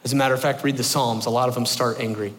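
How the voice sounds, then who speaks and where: A man's voice: mid-range voice, steady tone, rapid-fire. A male pastor preaching a sermon in a casual, conversational way, often using fillers and restarting his sentences. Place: church sanctuary. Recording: long reverb in a church hall.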